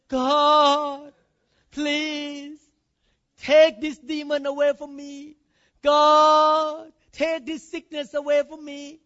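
A pleading churchgoer begs God over and over in a whining, high voice, as a man acts it out. The sound is dull and comes from away from the mic. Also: monotone, drawn-out words, sharp tone, full character voice. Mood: begging.

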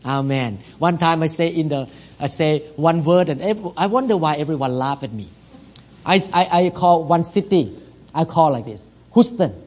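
A man with a foreign accent preaching a sermon as pastor, in simple broken English that builds to loud, emphatic preaching. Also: on the high side, normal speed, highs cut off.

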